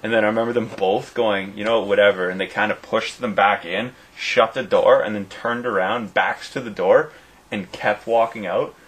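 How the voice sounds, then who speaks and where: A man's voice: on the low side, steady tone, moderate pace, a bit bright, husky, poor audio. A man casually telling a long, rambling story with lots of fillers, in a chat between friends.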